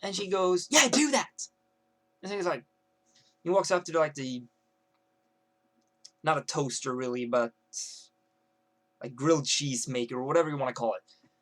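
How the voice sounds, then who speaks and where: A man's voice: medium pitch, moderate pace, pauses often. A young man ranting to camera as a vlogger, rambling with many fillers and restarts.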